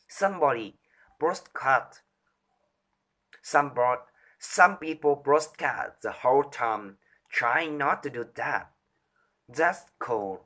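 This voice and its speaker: A man reciting a speech from memory, halting and restarting often as he stumbles over words. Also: mid-range voice, sing-song, bright, forceful tone. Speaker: speaker rehearsing a talk on voice.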